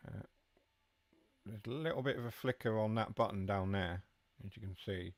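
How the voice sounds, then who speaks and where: A man's voice: on the low side, normal speed, dry recording. A man streaming a train simulator, chatting casually with his viewers as he drives. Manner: chatty, answers chat while driving. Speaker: game streamer. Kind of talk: live gameplay commentary.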